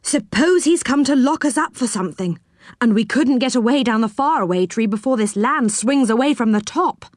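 A woman's voice: on the high side, animated, normal speed, no room sound, studio quality. A woman voicing a kindly male character in a storybook, talking in a fussing, friendly way. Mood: worried. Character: kindly, cheerful male tree-dweller.

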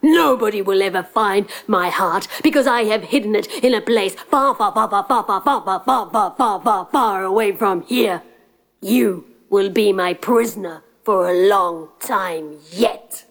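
A woman's voice: mid-range voice, a little slow. A woman voicing a blustering male giant magician who snaps back indignantly, in a storybook telling over guitar music. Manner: indignant, exclaiming, shouting back. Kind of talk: storybook voice acting.

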